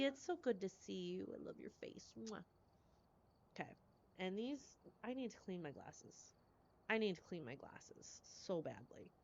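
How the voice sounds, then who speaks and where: Chatty woman game streamer, effusive with her viewers, on a somewhat muffled recording. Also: fairly low pitch. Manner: effusive, gushing thanks to chat; rambling, chatty. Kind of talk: live stream chat.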